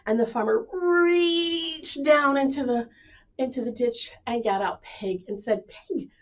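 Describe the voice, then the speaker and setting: A woman tells children's stories with a high, lively voice, drawing young listeners at home into the tale. She sounds animated and inviting, like a librarian at storytime. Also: measured pace. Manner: animated, speaks to kids at home.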